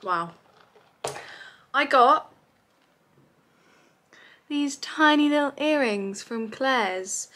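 A woman's voice: sits high, expressive, measured pace, long pauses, bright, forceful tone. Bubbly young woman vlogging. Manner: chatty, bubbly, self-deprecating asides. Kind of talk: casual vlog chat to camera. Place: hotel room.

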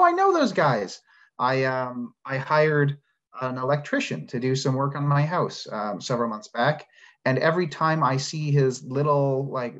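Guy chatting marketing tips on a muffled video call, lots of ums, laid back. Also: medium pitch. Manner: relaxed, rambling, many fillers. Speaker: marketing agency co-host. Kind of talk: casual advice on a livestream. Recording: dull lo-fi video call audio.

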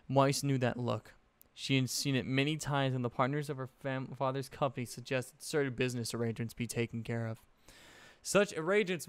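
A man's voice: mid-range voice, clean tone, no echo. A man reading a story aloud expressively, correcting his own slips now and then. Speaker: fanfiction narrator.

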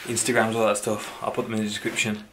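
A man's voice: lowish voice, monotone, quick pace. A young man talking casually and energetically to camera in his vlog, swearing freely. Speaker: vlogger. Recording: noisy background.

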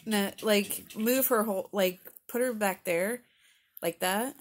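A mother with a husky, slightly breathy voice. She talks in a chatty, amused way at a middle pitch. It sounds like a casual home video. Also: unhurried.

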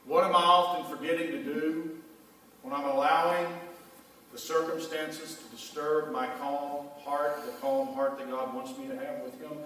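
A man's voice: fairly high pitch, lively intonation, moderate pace, sharp tone. Man preaching in a ringing church hall. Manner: conversational, calls out to the congregation. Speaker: pastor. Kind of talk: sermon. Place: church sanctuary. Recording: echoey church hall from far off.

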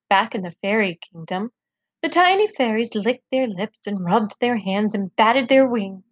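Lady teacher reading a kids story out loud, highish voice, dry close sound. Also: no room sound. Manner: expressive, measured storytelling. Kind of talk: children's storybook read-aloud.

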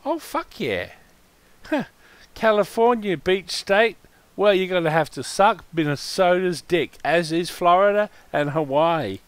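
A man chatting casually while waiting for a game, reading out random facts with crude swearing and loud laughing outbursts. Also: high-pitched, measured pace, clear, resonant tone, dry recording.

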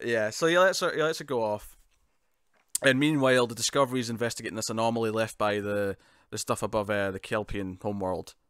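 A man's voice: on the low side, brisk, fairly bright tone, clear, resonant tone, no echo, studio quality. A man co-hosting a casual podcast review, talking with lots of laughs and repeated words. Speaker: podcast co-host.

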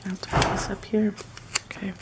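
A woman's voice: mid-range voice, flat delivery, normal speed, very noisy. A woman chatting casually on a live stream while decorating a planner at home, muttering asides to herself as she works.

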